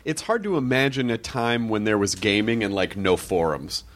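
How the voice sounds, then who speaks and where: A man's voice: fairly low pitch, expressive, moderate pace, a bit bright. A man from the United States hosting a casual chat, telling stories animatedly and laughing often. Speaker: host.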